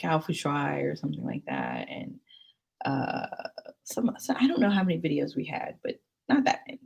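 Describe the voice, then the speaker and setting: With a gravelly voice, a young woman vlogger tells a loose, rambling story to camera, growing animated and bursting into high, excited squeals.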